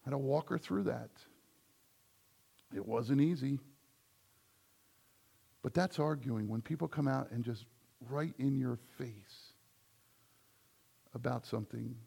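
A man's voice: mid-range voice, slow pace, vocal fry, long pauses, mellow, breathy edge. A man preaching a sermon as the church's pastor, in a conversational style that builds to emphatic points.

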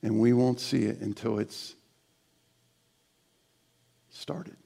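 A middle-aged pastor delivers a sermon in a church with a deeply gravelly, rough-edged voice. His delivery swings between emphatic, animated stretches and a soft, prayerful hush. His pitch sits in an ordinary middle register. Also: slow. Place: church sanctuary.

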